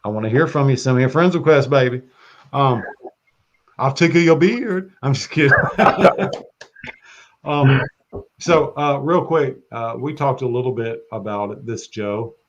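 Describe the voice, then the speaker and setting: A man talking as a podcast guest, excitable and profane, laughing often. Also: mid-range voice, normal speed, dull audio. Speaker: guest practitioner. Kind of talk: casual podcast chat.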